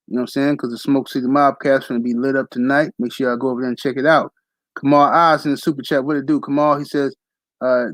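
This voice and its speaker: A man hosting a casual boxing livestream, ranting fast and animated with heavy profanity and slang. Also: mid-range voice, no echo, rough recording. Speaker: boxing talk show host.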